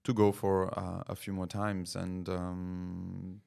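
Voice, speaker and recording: A man's voice: low-pitched, completely flat delivery, takes it slowly, gravelly, darkish tone. A middle-aged man, a racing driver guest, chatting casually on a podcast, with lots of hesitant fillers and easy laughs. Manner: hesitant, many fillers, laughs through anecdotes.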